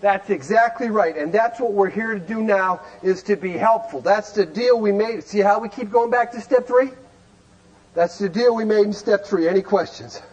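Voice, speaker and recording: A man speaking to a recovery group in an animated lecture, firing rhetorical questions and sometimes shouting. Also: sits high, normal speed, dull audio.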